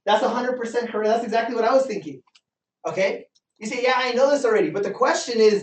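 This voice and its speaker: A man giving an energetic motivational training talk to a live group, often asking the audience questions and repeating himself for emphasis. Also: very high-pitched, fast talker. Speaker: business trainer. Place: meeting room with a live audience. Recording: echoey room from far off.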